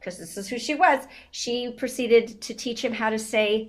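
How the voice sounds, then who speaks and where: A woman in her fifties, a guest in a casual interview, telling stories in an animated way with frequent laughter and many fillers. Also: fairly high pitch, slow pace, pauses often.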